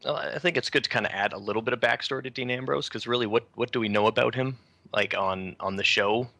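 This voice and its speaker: A man's voice: medium pitch, quick pace, creaky, pushed and bright, no echo. A man from Canada co-hosting a casual wrestling chat over a call, laid-back and hesitant, laughing often. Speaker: podcast co-host. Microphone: remote call.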